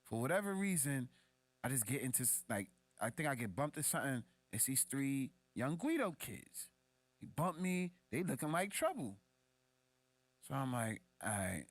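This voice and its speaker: A young male podcast co-host tells a casual story loaded with profanity and street slang, speaking at a normal speed with no echo. He's animated, voicing the people he quotes in a much higher pitch.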